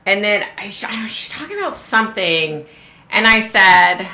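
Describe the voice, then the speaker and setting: A woman's voice: mid-range voice, animated, normal speed, sharp tone. A middle-aged woman hosting a live stream, telling a story in a casual, chatty way, swearing freely and laughing often. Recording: roomy echo.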